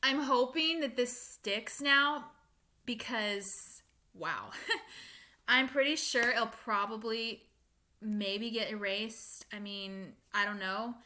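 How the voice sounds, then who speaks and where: A young woman ranting casually to her viewers, animated and exasperated, with frequent laughs and fillers. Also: fairly high pitch, slow. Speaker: fan vlogger. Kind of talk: casual rant to camera.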